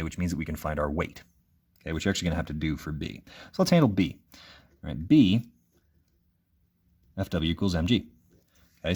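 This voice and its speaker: A man teaching physics, walking through test review problems in a casual way, often checking in with "okay?" and thinking aloud. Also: low-pitched. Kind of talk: recorded test review walkthrough.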